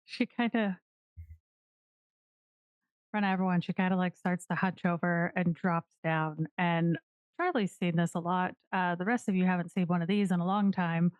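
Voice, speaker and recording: A woman's voice: lowish voice, steady tone, normal speed, smooth, dry recording, narrow, tinny audio. A woman narrating as game master in a tabletop game, rambling loosely with many fillers.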